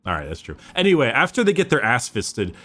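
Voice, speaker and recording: A man's voice: mid-range voice, huge pitch swings, quick pace, pushed and bright. A man hosting a casual podcast, rambling and full of fillers as he explains. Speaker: podcast host.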